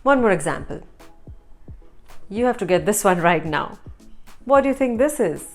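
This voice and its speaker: A woman from India hosting an online language lesson, repeating words slowly and quizzing the viewer. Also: mid-range voice, lively intonation, soft background music. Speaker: language teacher and channel host.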